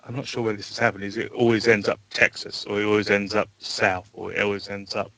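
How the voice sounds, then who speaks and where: A man from South London with an English accent, a guest on a podcast, explaining things at an even, measured pace. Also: on the low side, no echo, poor audio. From South London, England. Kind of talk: casual podcast chat.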